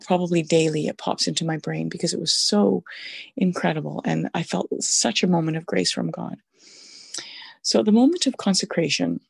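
A middle-aged woman with a weak, husky voice shares a personal faith testimony, halting and reflective, with many fillers. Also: lowish voice, no room sound. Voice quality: gravelly, husky voice. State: voice sounds weak or flaky. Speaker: Catholic mother sharing testimony.

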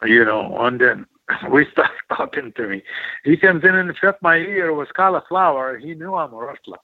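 An older man from Iraq, a former wrestler, telling animated stories as an interview guest and acting out quoted voices. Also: fairly high pitch, normal speed, no echo. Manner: animated storyteller, acts out quoted voices, broken English. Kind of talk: storytelling in an interview. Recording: tinny phone-like audio, dry.

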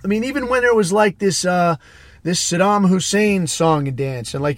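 A man's voice: sits high, moderate pace, no room sound. A man hosting a podcast, ranting in a casual, profane, sarcastic way and mimicking the people he mocks. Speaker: podcast host. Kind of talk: casual solo rant.

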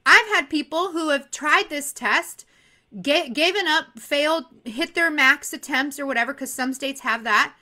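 A woman giving an energetic motivational talk to insurance exam students, laughing often and repeating phrases for emphasis. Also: high-pitched.

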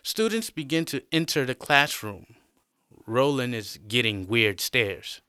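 Male narrator for an audio drama, slow and bright, close dry mic. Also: mid-range voice, animated, smooth, no echo.

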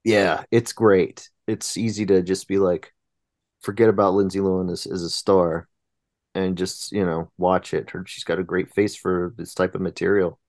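A man's voice: sits low, little pitch movement, moderate pace, a little mellow, no echo. A man chatting casually on a podcast about films, opinionated and talking in long winding sentences. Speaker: podcast panelist. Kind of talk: casual film chat.

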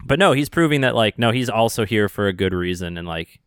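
A man's voice: on the low side, expressive, fairly quick, smooth, dry recording, clean studio sound. A man co-hosting a podcast, chatting casually about a show, rambling and hedging as he rephrases his thoughts. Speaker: podcast co-host. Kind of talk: casual chat discussing a show.

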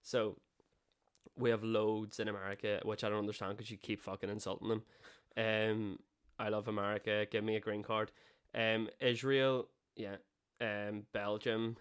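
Male podcast co-host, smooth clear voice, teasing casual banter. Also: lowish voice, little pitch movement, moderate pace. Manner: teasing, laughs often. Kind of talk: casual chat.

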